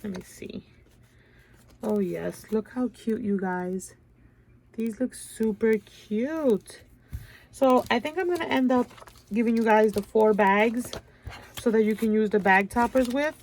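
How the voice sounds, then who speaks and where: A woman's voice: fairly high pitch, measured pace, darkish tone, a little hiss or hum. A woman hosting a craft channel, chatting casually and gushing over her work with a stuffy nose. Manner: gushing, chatty, keeps saying "you guys". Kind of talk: casual show-and-tell chat.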